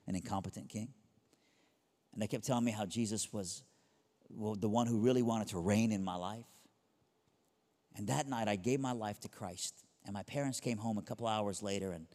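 Man, pastor type, lowish voice, earnest testimony, booming hall reverb. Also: darkish tone. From Iran. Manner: earnest, conversational storytelling with rhythmic contrasts. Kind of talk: personal testimony talk.

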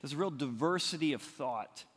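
A man's voice: on the high side, lively intonation, normal speed, a bit bright, slightly rough. Man preaching in a reverberant hall. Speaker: pastor. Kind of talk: sermon.

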